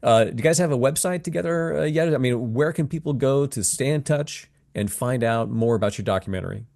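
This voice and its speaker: A man's voice: medium pitch, brisk, vocal fry, a little mellow. A man hosting an interview in a friendly, loose way, with lots of fillers, thanking the guests and signing off. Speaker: interview host.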